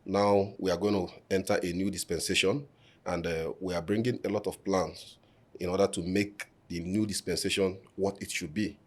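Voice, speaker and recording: A man with a low, deep voice speaks in a measured, formal way, pausing on fillers as he lays out his points. He sits in a podcast studio answering an interviewer. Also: steady tone. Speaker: election candidate.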